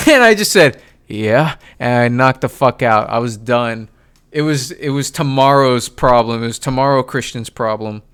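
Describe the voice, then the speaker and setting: A man's voice: medium pitch, lively intonation, normal speed, fairly bright tone, clear, resonant tone. A young man hosting a podcast, telling a story in casual chat, swearing and laughing, acting out what people said. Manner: laughing, swearing, acts out quotes. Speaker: podcast host.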